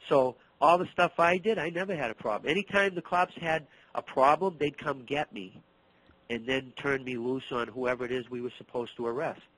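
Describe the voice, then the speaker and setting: A man's voice: medium pitch, normal speed, no room sound, rough recording. A middle-aged man from the Boston area, a martial arts instructor, telling stories in an interview and acting out the dialogue. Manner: animated storyteller, acts out dialogue, repeats words. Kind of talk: storytelling interview.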